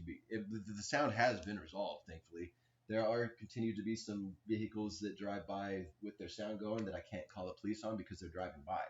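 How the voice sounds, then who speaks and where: A man in his forties giving a rambling, aggrieved personal account, halting often with restarts and fillers. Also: low voice, a little hiss or hum. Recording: dull lo-fi recording.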